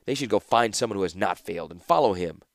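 A man's voice: lowish voice, animated, fast, no room sound, studio quality. A man reading the part of a grief-stricken older master artificer whose voice sounds strangled. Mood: anguished. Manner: strangled, rising to vengeful resolve.

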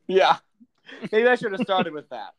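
In a high, sing-song voice at a moderate pace, a young podcast co-host runs a quiz for his partner. His manner is teasing and relaxed, with plenty of laughter.

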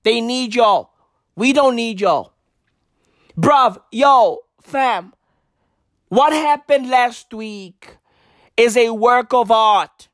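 Woman comic from South Africa, sarcastic slang-heavy rant, unhurried delivery, slightly high voice. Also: lively intonation, no echo, studio quality. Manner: mock-serious, heavy street slang, profanity.

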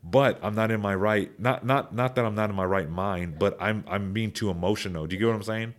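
A young man with a lowish voice talks through his opinions in loose podcast chat. He rambles, restarts sentences and repeats words, then speeds up or gets louder when he makes a point. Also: fairly quick.

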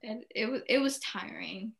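A young woman in casual podcast chat, talking openly in quick bursts full of "like" and restarts. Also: fairly high pitch, creaky. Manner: talks in many short bursts filled with "like", candid and emotional. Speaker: podcast co-host.

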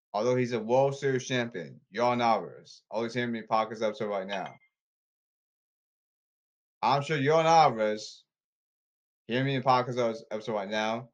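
A man hosts a solo podcast in a mid-pitched voice, rambling and repeating himself with an emphatic, stop-start delivery. The sound is lo-fi.

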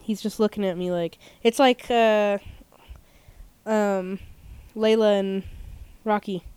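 Smooth-voiced chatty woman podcast host. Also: medium pitch, fairly even intonation, takes it slowly, darkish tone, no room sound. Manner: chatty, rambling storyteller with frequent fillers. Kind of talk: casual chat.

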